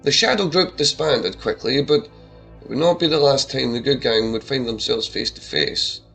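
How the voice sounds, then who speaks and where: A man narrating an adventure story in a lively, dramatic reading. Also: mid-range voice, moderate pace, creaky, faint music behind.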